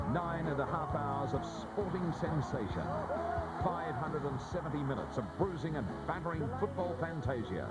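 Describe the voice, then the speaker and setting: Grandiloquent male TV announcer over music. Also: on the high side. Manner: grandiloquent, alliterative. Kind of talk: scripted TV introduction.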